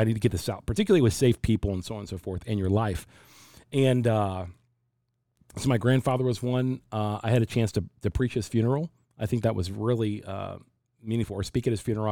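A man in his forties with a low, mellow voice, talking through his faith in an unhurried, reflective way. He often stops and restarts his sentences. The recording is dry and close. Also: no echo. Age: 40s. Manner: reflective, halting with many restarts. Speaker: pastor. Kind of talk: casual faith discussion.

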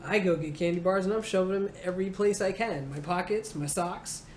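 Animated woman telling a comic story. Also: on the low side, a little fast. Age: 40s. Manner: animated, acting out voices, laughing. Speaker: comedian guest. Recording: roomy echo, faint noise.

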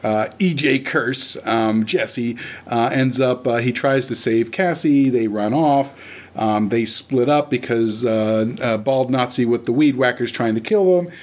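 A man at a middle pitch co-hosts a casual movie review chat. He retells the plot in a sarcastic, rambling way, full of ums and asides. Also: measured pace. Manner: sarcastic, animated retelling with filler words. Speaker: podcast co-host.

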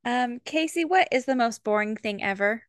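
A woman's voice: a little high, animated, normal speed, no echo. Giggly woman with dry close sound. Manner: upbeat, giggly. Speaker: co-host asking questions. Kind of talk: casual chat.

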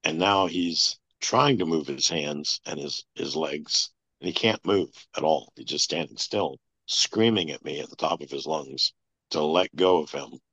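Very deep husky man, lo-fi. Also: unhurried, fairly bright tone, no room sound. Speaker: interview guest. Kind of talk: storytelling interview. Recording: dull lo-fi sound.

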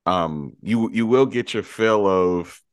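A man's voice: fairly low pitch, slow, clear, resonant tone, no room sound, clean studio sound. A man co-hosting a podcast, giving wry opinions in casual talk about films. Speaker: podcast co-host. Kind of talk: casual film discussion.

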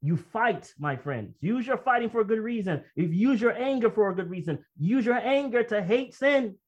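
A man preaching a sermon, reading quotations slowly and then commenting in a conversational, emphatic way with personal stories. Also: sits high, expressive. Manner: reads quoted text slowly, then comments conversationally and emphatically, often laughing. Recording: dull lo-fi recording.

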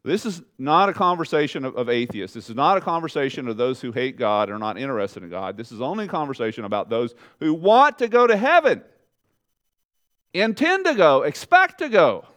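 A male pastor delivers a sermon in a lively, conversational way. He speaks straight to the congregation, climbs high and loud on his questions, and sinks to a low, quiet voice for emphasis. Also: fast, few pauses. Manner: animated preaching, rising loud on questions and dropping low and soft for emphasis.

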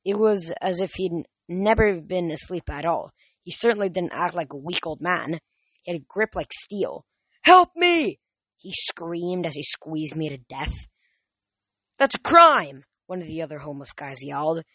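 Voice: mid-range voice, moderate pace, breathy edge, dry recording. A reader narrating a young adult novel aloud in a casual, unpolished way, often stumbling and restarting words. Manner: casual, with frequent slips and restarts. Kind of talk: audiobook reading.

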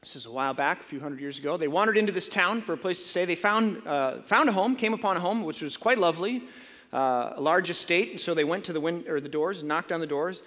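A man's voice: fairly high pitch, animated, fairly quick, a bit bright. A man preaching a sermon as a pastor, casual and conversational, telling a story with fillers and restarts in a large church hall. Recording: long reverb in a large hall.

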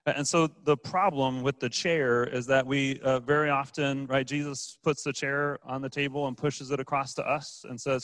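A man's voice: medium pitch, level tone, normal speed, hardly any pauses, fairly bright tone, no echo. A man preaching a casual, joking sermon as a pastor, with frequent fillers and restarts. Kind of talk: conversational sermon.

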